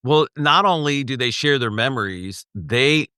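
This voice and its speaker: Bright, lively middle-aged storyteller man. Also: mid-range voice, a little slow, smooth, dry recording, clean studio sound. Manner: animated storyteller acting out quoted dialogue. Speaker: podcast co-host or guest. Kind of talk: casual chat.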